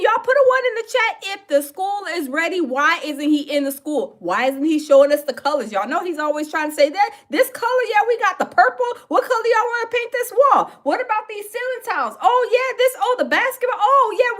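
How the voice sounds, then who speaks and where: High-voiced mocking woman streamer. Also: expressive, brisk, few pauses. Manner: mocking, talks to chat, exclaims. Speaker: commentary streamer. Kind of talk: live reaction commentary.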